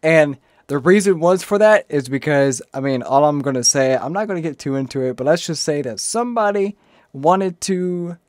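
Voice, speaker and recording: A young man with a slight southern accent, rambling casually in a gaming vlog, often stopping himself mid-sentence and now and then breaking into shrill, panicked yelps. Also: animated, moderate pace, darkish tone, dry recording, clean studio sound. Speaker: streamer.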